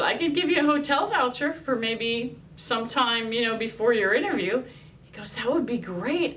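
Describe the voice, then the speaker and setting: Woman army chaplain in her fifties telling a devotional story, animated delivery, set back from a distant mic. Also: fairly high pitch, slight background noise. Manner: lively, acts out quoted voices.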